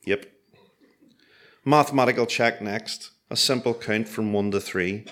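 Brief: man, lowish voice, dry deadpan storyteller, self-mocking comic timing. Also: normal speed.

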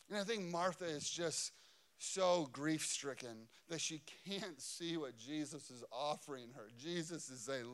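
A man preaching a sermon as pastor, impassioned and building to loud, high emphasis on key phrases. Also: normal speed. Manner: impassioned, rising in pitch and volume for emphasis.

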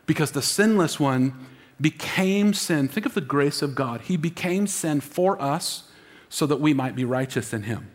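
A lead pastor delivers an emotional Easter sermon in a large hall, urging the congregation to call back to him. His voice is on the high side, animated, and measured in pace.

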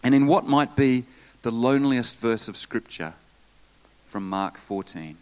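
A man preaching a sermon in church, lively, with asides and jokes to the congregation. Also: mid-range voice, a little slow, clear, resonant tone. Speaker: pastor.

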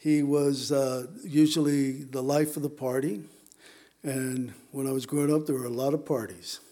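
A man's voice: mid-range voice, fairly even intonation, normal speed, dark tone. A middle-aged man from Southern California preaching a sermon in a conversational, storytelling way. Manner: conversational, storytelling, many fillers. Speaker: pastor. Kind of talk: sermon with personal stories.

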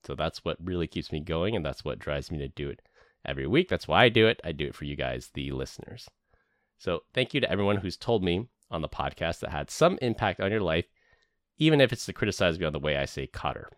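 A man's voice: deep voice, very animated, fast talker, no room sound, studio quality. A man hosting a podcast, narrating a prepared year-end recap in an earnest, scripted way. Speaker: podcast host. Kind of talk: scripted narration and casual chat.

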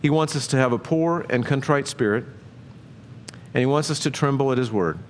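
A male pastor delivering a casual, conversational sermon at a middle pitch. He keeps asking his listeners questions and pushes his voice upward to stress a point. A faint low rumble sits under the recording. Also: fairly quick. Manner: conversational preaching with rhetorical questions and lively pitch jumps.

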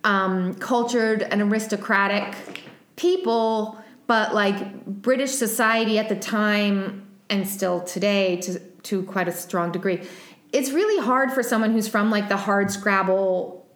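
In a relaxed podcast conversation, this female co-host laughs a lot and uses plenty of fillers. She speaks in a mid-range voice, a little slowly, and the sound is roomy.

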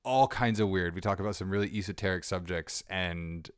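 A man's voice: sits low, brisk, clean tone, dry recording, studio quality. A man hosting a podcast, chatting casually and rambling with fillers and restarts. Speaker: podcast host. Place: small black box theater backstage. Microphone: portable recorder.

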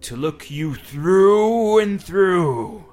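A man voicing a menacing chimney creature that answers slowly and loudly. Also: expressive, faint music behind, exaggerated voice. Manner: slow, booming answers. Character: big-eyed clawed chimney creature, menacing.

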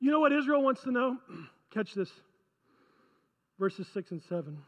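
A man's voice: very high voice, big pitch swings, measured pace, long pauses, long reverb tail. A male pastor preaching a conversational sermon, often asking the congregation rhetorical questions.

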